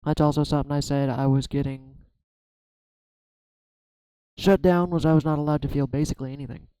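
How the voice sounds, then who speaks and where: A man doing a solo tarot reading, talking slowly through his own fears and frustration with many restarts. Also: fairly high pitch, little pitch movement, dark tone, clean tone, no room sound, rough recording. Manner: halting, self-searching, many restarts. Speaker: tarot reader. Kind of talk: reflective solo tarot vlog.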